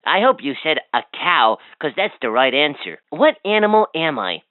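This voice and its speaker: A bouncy, sing-song talking toy. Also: female voice, low-pitched, sing-song, moderate pace, no echo. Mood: playful. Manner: bouncy sing-song quizzing, eager and playful. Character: cheerful chatty talking toy, playful and teasing. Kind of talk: toy voice lines. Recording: tinny, dry toy speaker audio.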